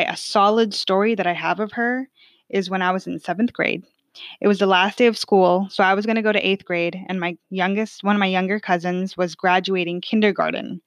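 A woman's voice: mid-range voice, no echo. A woman in her twenties telling a personal family story in a casual, chatty way, full of fillers. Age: 20s.

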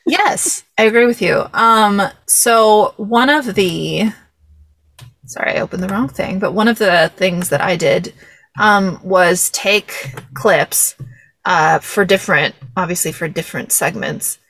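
A woman's voice: medium pitch, a little slow, a bit bright. A young woman hosting a podcast, chatting casually and laughing, with many fillers. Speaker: podcast host. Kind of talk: casual chat about a film.

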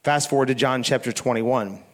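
A middle-aged pastor preaching a sermon, telling stories in a relaxed, conversational way with restarts and chuckles. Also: male voice, mid-range voice, moderate pace. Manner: conversational storytelling with frequent laughs and restarts.

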